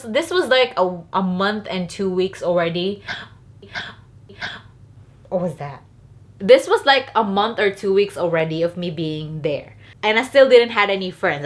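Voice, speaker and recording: A woman's voice: mid-range voice, a bit bright. A young woman from the Philippines with a Filipino accent, telling a candid, chatty storytime vlog. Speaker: vlogger.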